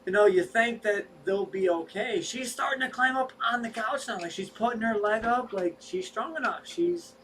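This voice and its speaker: A man with a high, a bit bright voice co-hosts a casual fish rescue livestream chat, speaking animatedly at a moderate pace with few pauses. He rambles, restarts often, and stretches words for emphasis. He's recorded from a distance, set back from the mic with faint noise behind, and the recording is low quality.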